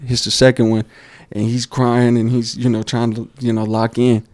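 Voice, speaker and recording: A man co-hosting a basketball podcast, telling coaching stories in a casual, animated way and acting out quotes. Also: mid-range voice, moderate pace, no room sound. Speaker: podcast co-host. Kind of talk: casual storytelling chat.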